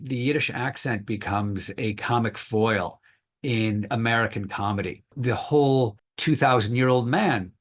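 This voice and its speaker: A man at an even, mid-range pitch explains history as a podcast guest. He talks thoughtfully and hedges often, with plenty of fillers. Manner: thoughtful, hedging, many fillers. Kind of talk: podcast interview.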